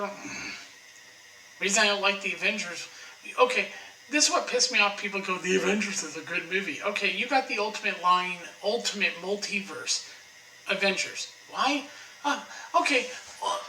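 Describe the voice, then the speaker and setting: A high, very bright-voiced man rants on without a script, blunt and profane, often cutting himself off and starting over. He sits a little back from the mic in an echoey room. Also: recorded from a distance. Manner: profane, blunt, opinionated, frequent restarts. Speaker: online commentator. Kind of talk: ranting casual monologue.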